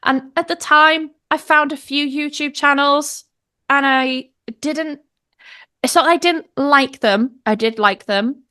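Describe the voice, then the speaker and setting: A woman's voice: sits high, a little slow. A woman in her thirties with a British English accent, a pronunciation teacher telling stories as a guest in a casual conversation, laughing often and acting out what people said. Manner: animated storytelling, laughs often, acts out quotes.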